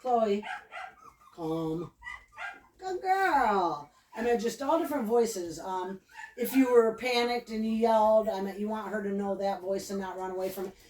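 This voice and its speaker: A woman's voice: medium pitch, fairly even intonation, brisk, mellow. Woman dog trainer talking casually at home, a bit far from the mic, roomy echo, some faint noise. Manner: chatty, loose and repeats cues with praise. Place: indoors at home with her dog. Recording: echoey room, mic at a distance.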